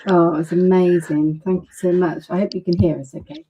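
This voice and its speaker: A woman's voice: lowish voice, steady tone, a little fast, warm tone, slightly rough, poor audio. Gushing woman hosting a webinar. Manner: gushing, enthusiastic. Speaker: webinar host.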